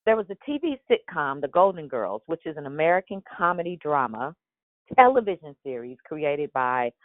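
A woman's voice: sits low, sing-song, moderate pace, no echo, phone-quality sound. A woman hosting a daily prayer call in a casual, rambling way, with a morning voice. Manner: chatty and rambling, with many restarts and fillers. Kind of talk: casual devotional talk.

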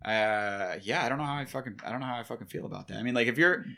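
A man's voice: medium pitch, rapid-fire, gravelly, sharp tone. A man co-hosting a podcast in casual chat, profane, opinionated and wry.

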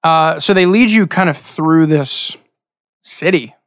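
A man's voice: fairly high pitch, slow, a bit bright, no room sound, clean studio sound. A man narrating as game master, describing scenes loosely with lots of filler words.

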